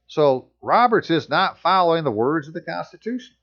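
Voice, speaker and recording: A man's voice: a little high, sing-song, moderate pace, dull audio. A man reading passages aloud and commenting on them in casual, sarcastic asides as a channel host.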